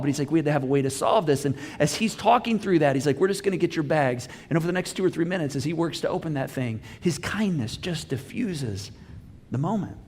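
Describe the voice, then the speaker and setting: A man preaching a sermon as pastor, telling a personal story with lively acted-out dialogue. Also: high voice, fairly quick, in a large hall. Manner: animated storytelling, acts out dialogue. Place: church auditorium.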